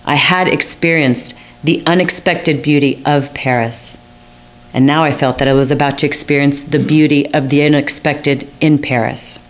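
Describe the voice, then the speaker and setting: A woman's voice: sits low, steady tone, moderate pace. An American woman telling a personal story in a wry, self-mocking, theatrical manner. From United States.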